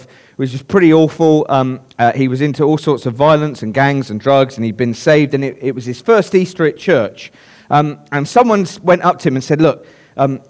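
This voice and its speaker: A man's voice: medium pitch, darkish tone. A man preaching a sermon, emphatic and repeating phrases for stress.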